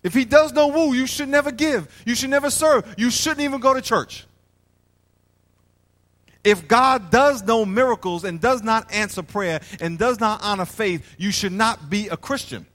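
Male pastor, very high voice, animated sermon, calls out to the congregation, long echo of a large hall. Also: normal speed. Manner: animated preaching, plays out little scenes and asks the crowd to respond. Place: church hall.

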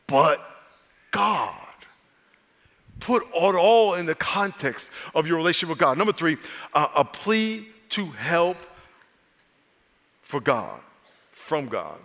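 A man, a pastor, preaching an animated sermon and calling the congregation to repeat phrases back. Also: a little high, slow, pauses often, in a large hall. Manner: animated preaching with call-and-response.

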